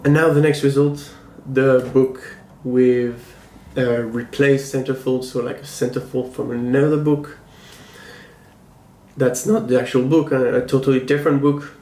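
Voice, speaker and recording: Man, casual vlog review, measured and critical, slow and even delivery, roomy echo. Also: medium pitch. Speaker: comic book collector and channel host. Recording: roomy echo, faint ambience.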